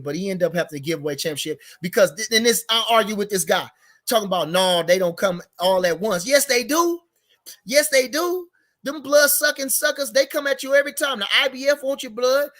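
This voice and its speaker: Man, high voice, speech, rambling boxing chat, repeats himself, heated. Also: a bit bright. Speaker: boxing commentary show host. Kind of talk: casual unscripted boxing talk.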